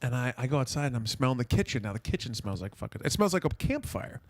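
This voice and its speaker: A man's voice: medium pitch, sing-song, quick pace. A man hosting a podcast, telling a long rambling anecdote with profanity and restarts. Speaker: podcast host. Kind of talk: casual storytelling on a podcast.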